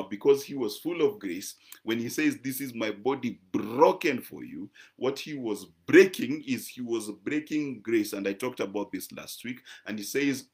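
A man, preaching a teaching sermon in an emphatic, conversational way and often checking in with "right?". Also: medium pitch. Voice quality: croaky voice. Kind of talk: teaching sermon to a live-stream audience.

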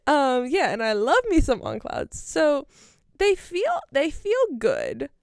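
A young woman chats casually and tells a story with lots of fillers. Her voice sits high and swings widely, with a gravelly fry at the ends of phrases. The sound is close and dry. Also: slow pace, dry recording. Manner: animated storytelling with many fillers. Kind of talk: casual chat.

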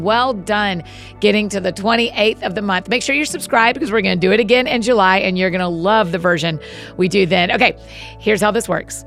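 A woman hosting a podcast, greeting listeners warmly and then reading scripture aloud at a steady pace. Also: mid-range voice, brisk, faint music behind. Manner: friendly, encouraging intro then steady reading.

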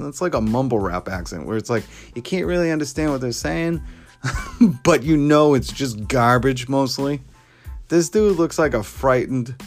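A man hosting a podcast, ranting with sarcastic scorn and chuckling at his own remarks. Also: medium pitch. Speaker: podcast host. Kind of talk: ranting commentary.

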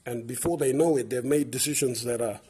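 Speaking briskly in a warm, mid-range voice, a Papua New Guinean man hosts an advocacy podcast with a Papua New Guinean English accent. He is earnest and fervent, repeating words and building lists, with a little hiss or hum in the recording.

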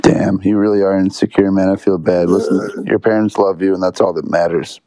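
A man in a voice chat delivering loud, mockingly calm put-downs. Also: deep voice, a little fast. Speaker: chat participant.

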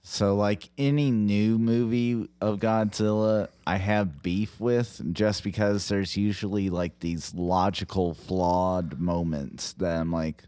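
A young man co-hosting a podcast, chatting casually with dry, deadpan quips. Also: on the low side, slow pace, few pauses, smooth, dry recording. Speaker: podcast co-host, pastor.

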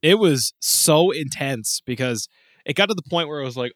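Man, casual podcast chat, animated storyteller, swears freely, dry close sound. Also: on the high side, normal speed, no room sound.

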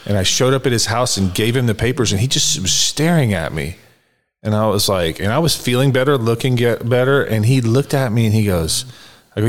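A man's voice: mid-range voice, brisk. A man hosting a podcast, telling a story animatedly and acting out the dialogue. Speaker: podcast host. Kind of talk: casual conversation.

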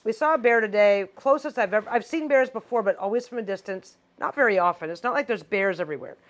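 A woman with a Canadian accent, co-hosting a casual podcast and calmly explaining facts about local animals. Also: medium pitch, fast. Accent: Canadian English. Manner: explains facts in a relaxed, informative way. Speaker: podcast co-host. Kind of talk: casual chat.

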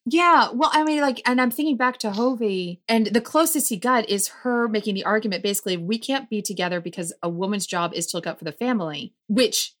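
A woman in casual conversation about plays she has read aloud, animated and laughing often as she acts out quoted lines. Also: mid-range voice, brisk, hardly any pauses. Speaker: podcast co-host discussing plays. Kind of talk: casual chat.

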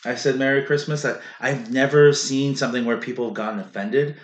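A man's voice: mid-range voice, a little fast. A man co-hosting a casual podcast, blunt and profane, ranting with strong opinions. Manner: blunt and profane, animated rants. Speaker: podcast co-host. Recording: echoey room.

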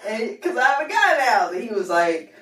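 A woman's voice: a little high, moderate pace. A young adult woman hosting a podcast, telling stories casually with lots of laughter and acted-out quotes. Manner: animated, laughing, acts out quotes. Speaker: podcast host. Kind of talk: casual storytelling chat. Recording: echoey room, distant mic.

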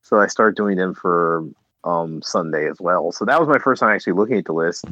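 A man's voice: low voice, a little fast, fairly bright tone, no room sound, lo-fi sound. A man in a casual chat, rambling with many restarts and fillers, as a podcast co-host.

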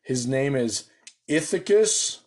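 American guy, hyped solo gamer, jokes and cusses, mid-pitched everyday voice. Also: takes it slowly, a little hiss or hum. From United States. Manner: excited, joking, swears casually. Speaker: solo tabletop game player. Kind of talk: casual solo game chat.

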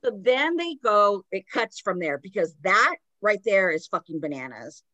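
A woman hosting a casual chat, telling a story with lively energy and acted-out quotes. Her voice sits in a middle register and is recorded very dry and close, with no room sound at all. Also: medium pitch, moderate pace, no echo, muffled recording. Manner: animated retelling with acted quotes, laughs, swearing. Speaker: podcast host.

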